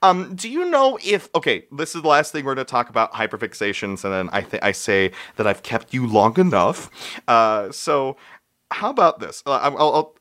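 A young man hosting a casual chat, rambling excitedly with many restarts. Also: medium pitch, moderate pace. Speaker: host.

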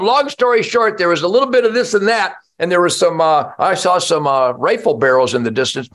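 A man's voice: fairly high pitch, lively intonation, fairly bright tone. Boastful older man telling a story. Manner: boastful, theatrical, swinging from fast bursts to slow drawn-out lines. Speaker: radio show host. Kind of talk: animated storytelling.

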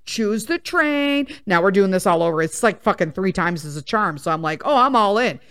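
A woman's voice: mid-range voice, lively intonation, moderate pace, a bit bright, smooth. A woman hosting a casual chat show, telling a story in an exasperated, profane way and acting out the other people's lines. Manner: profane, exasperated, acts out quoted voices. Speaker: podcast host.

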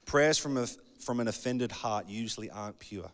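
A man preaching a sermon in a conversational, animated way, acting out bits of dialogue. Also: mid-range voice, normal speed. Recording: long hall reverb.

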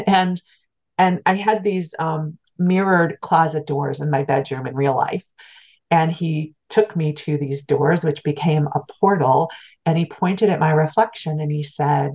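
A middle-aged spiritual teacher, interviewed as a guest, earnestly tells a personal story with a low, slightly mellow voice, fairly even intonation, and a measured pace. She restarts often, repeating words, in a reflective manner. The sound is dull and lo-fi.

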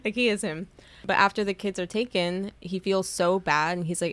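A woman's voice: mid-range voice, moderate pace, no echo. A young woman co-hosting a podcast, telling stories in casual chat with lots of "like" fillers and some swearing. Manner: animated storyteller, fillers of "like", swearing. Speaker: podcast co-host.

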